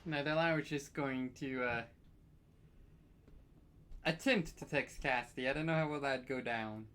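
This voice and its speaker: A player in a casual tabletop game, speaking in a lively, tentative way. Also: medium pitch, normal speed. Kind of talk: casual tabletop role-play.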